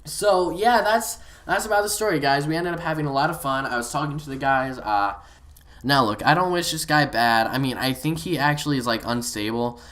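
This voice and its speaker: A young man telling a gaming story in a casual, excited, rambling way, full of fillers. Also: medium pitch, moderate pace. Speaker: gaming vlogger.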